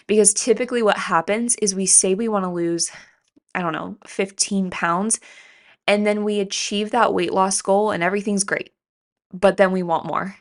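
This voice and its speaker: A young woman talks through a solo podcast episode in a friendly, upbeat way, laying out each point in turn. Her voice is nasal and congested from allergies. She sits at an ordinary middle pitch for a woman. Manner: chatty, upbeat, explains step by step. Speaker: podcast host.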